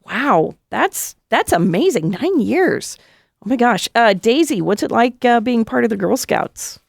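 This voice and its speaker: A woman's voice: a little high, animated, unhurried, vocal fry, dry recording. A woman hosting a radio show in a studio, talking in a playful, chatty, upbeat way. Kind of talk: casual on-air interview.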